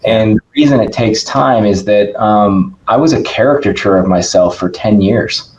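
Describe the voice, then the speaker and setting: Emphatic man with a low voice, lo-fi. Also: normal speed. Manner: energetic, emphatic, keeps asking "right?". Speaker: podcast guest. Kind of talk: casual interview conversation.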